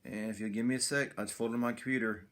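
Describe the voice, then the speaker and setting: Relaxed friendly man making announcements. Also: fairly low pitch, fast talker. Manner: relaxed and friendly, with fillers and restarts. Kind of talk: casual morning announcements.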